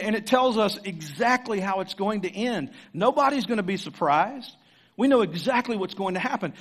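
A middle-aged male pastor preaching a sermon to a church room, earnest and exhorting, repeating his key phrases. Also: high-pitched.

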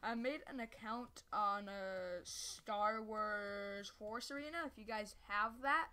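A woman's voice: medium pitch, takes it slowly. A woman giving casual live gameplay commentary who rambles, gets sidetracked, stumbles over her words and breaks into sudden yelps. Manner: sudden excited yelps and squeals. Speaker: gameplay streamer.

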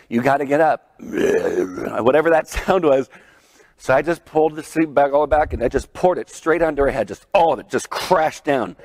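A man preaching a chapel sermon to middle schoolers, telling a lively story with frequent laughs. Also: medium pitch, no echo. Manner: storytelling, animated, laughs often. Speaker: pastor.

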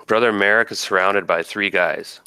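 A man's voice: on the low side, fairly even intonation, normal speed, pushed and bright, smooth, dry recording. A man running a tabletop game as game master, casually narrating combat and thinking aloud over dice rolls.

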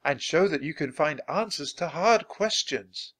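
A man doing a calm mysterious old enchantress. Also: fairly high pitch, measured pace. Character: gentle mysterious old sorceress.

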